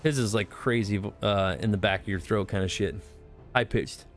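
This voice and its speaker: A man's voice: lowish voice, normal speed, faint music behind. A man streaming a game, chatting casually in a rambling, profane way full of fillers. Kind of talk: casual live-stream chat.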